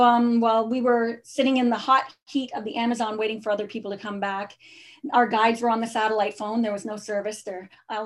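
Female travel blogger guest, lively chatty storyteller, slightly higher pitch. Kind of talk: conversational storytelling.

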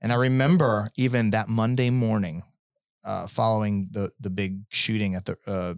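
A man's voice: on the low side, steady tone, normal speed, vocal fry, smooth, no room sound. A young man talking casually as a podcast guest, rambling with restarts and frequent laughs. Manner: rambling, self-interrupting, laughs often. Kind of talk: casual chat.

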